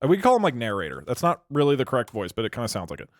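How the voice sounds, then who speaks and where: A man's voice: mid-range voice, wildly swooping pitch, rapid-fire, no room sound, clean studio sound. A man streaming live, chatting casually and thinking aloud with frequent restarts.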